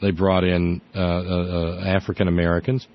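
A man's voice: low-pitched, monotone, normal speed. A man hosting a radio talk show, speaking in an earnest, conversational way with frequent restarts. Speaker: radio host. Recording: dull lo-fi radio audio.

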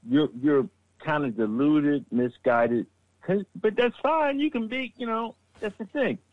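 This podcast co-host on a casual political chat show has a voice on the high side and talks a little slowly. He rambles, swears and restarts with stammers, and the dry recording comes through a dull lo-fi mic.

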